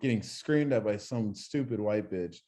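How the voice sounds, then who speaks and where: A young man co-hosting a podcast, telling animated stories in casual chat and swearing freely. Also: fairly low pitch, normal speed. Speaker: podcast co-host.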